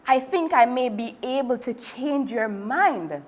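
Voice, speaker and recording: Big gentle purple monster, calm and quiet, read by a woman. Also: a little high, measured pace.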